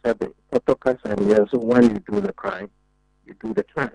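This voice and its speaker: A man's voice: sits high, very animated, normal speed, gravelly, mellow, slightly rough, no echo, low-quality recording. A man with a Ghanaian accent, a government official speaking emphatically in a radio interview, repeating filler words as he makes his points. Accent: Ghanaian English. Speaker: deputy defense minister.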